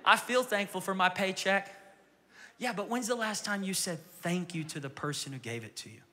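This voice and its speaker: High, bright-voiced energetic preacher man. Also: in a large hall. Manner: energetic, repetitive, drops into whispers. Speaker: pastor. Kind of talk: sermon. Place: church sanctuary.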